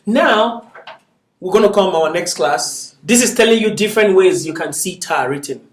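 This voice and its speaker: In a high-pitched voice with lively intonation and a moderate pace, a male Arabic teacher lectures patiently, often asking "is that okay?" to check that his students understand. The recording has slight background noise and classroom echo, and his voice comes from far off.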